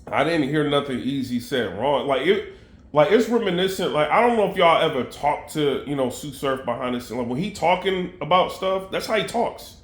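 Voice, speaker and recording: Speaking directly to viewers, this battle rap commentator keeps things conversational and filler-heavy, tossing in loose asides and repeated "you know what I mean." His fairly high voice is animated at a moderate pace, recorded in an echoey room.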